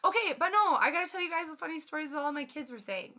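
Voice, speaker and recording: A thirty-year-old woman chatting casually while livestreaming a game, upbeat and quick to laugh. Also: high-pitched, expressive, sharp tone. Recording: slightly muffled lo-fi stream audio.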